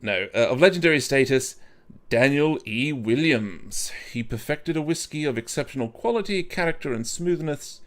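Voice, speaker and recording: A man's voice: mid-range voice, animated, moderate pace. Rambling, self-mocking man reviewing whisky. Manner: many restarts and stumbles. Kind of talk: casual whisky review vlog.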